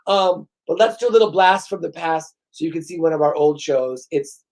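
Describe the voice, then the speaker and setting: A man's voice: a little high, brisk. A man hosting his own show, rambling through stories with profane, sarcastic, self-mocking humor. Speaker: host. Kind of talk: rambling comedic monologue.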